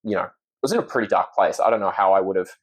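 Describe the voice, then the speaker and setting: A man's voice: low voice, fast. A young Australian man with an Australian accent, chatting earnestly and openly as a podcast guest. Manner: earnest, open, laughs easily. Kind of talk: casual chat.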